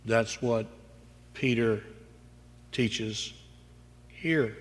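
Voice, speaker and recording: A man's voice: fairly low pitch, steady tone, drawn-out words. A male pastor preaching a sermon, moving from storytelling to emphatic declarations. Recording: long reverb in a large hall.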